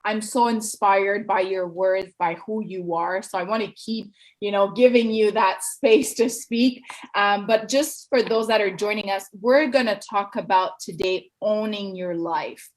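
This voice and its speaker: A woman's voice: medium pitch, measured pace, rough recording. A woman hosting a live-stream show, bubbly and effusive, greeting viewers and reading their comments aloud. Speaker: host.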